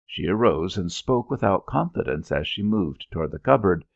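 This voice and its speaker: A male audiobook narrator with a very deep, gravelly voice that rises and falls in a lively way. He tells the story expressively, with a husky grain. The recording is dry and dull. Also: moderate pace, few pauses, dry recording. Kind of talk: scripted narration.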